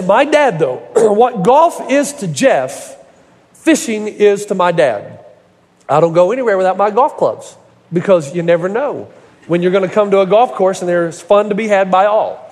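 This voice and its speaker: A man's voice: sits high, a little mellow, a little hiss or hum. A middle-aged male pastor preaching a sermon, telling folksy stories with humor and building to emphatic points. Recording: echoey hall reverb.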